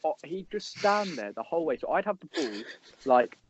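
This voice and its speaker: A young man co-hosting a podcast, telling a story in an animated, exasperated way. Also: a little high, moderate pace, noisy background. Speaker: podcast co-host. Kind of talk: casual storytelling chat. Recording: dull lo-fi podcast audio.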